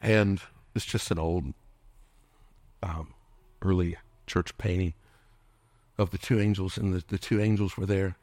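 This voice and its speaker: Impassioned middle-aged male pastor, low voice. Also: fairly even intonation, measured pace, long pauses, no echo. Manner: impassioned preaching, dropping at times to a hushed whisper; calls out to the congregation for responses. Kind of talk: sermon.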